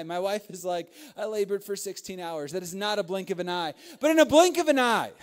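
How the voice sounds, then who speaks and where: A man's voice: high-pitched, darkish tone. A young man preaching to young adults, telling funny stories about fatherhood with lots of laughter and asides. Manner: humorous storytelling with frequent laughs and asides. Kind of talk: sermon.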